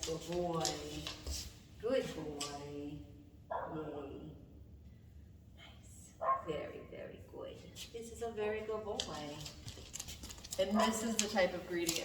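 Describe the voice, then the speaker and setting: A calm woman dog trainer talks through a lesson in a low, easy voice, softly praising her dog as she goes. She is recorded from across a bare, echoey room with a long reverb tail. A steady hiss of noise sits under her voice. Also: recorded from a distance. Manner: calm, soft-spoken, praises the dog often. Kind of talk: casual instructional talk. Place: indoors at home with a dog.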